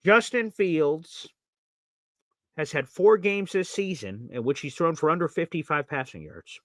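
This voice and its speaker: This is a male sports talk host reacting live, blunt and opinionated. His voice sits a little high and swings up and down with energy. It sounds bright and punchy, recorded close in a dry space. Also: unhurried, dry recording. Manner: animated, blunt, opinionated, swings between excited and mutter.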